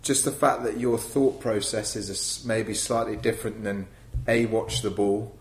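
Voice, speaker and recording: A man co-hosting a casual chat, musing and trailing off quietly. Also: on the low side, steady tone, unhurried, reverberant, poor audio. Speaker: podcast co-host.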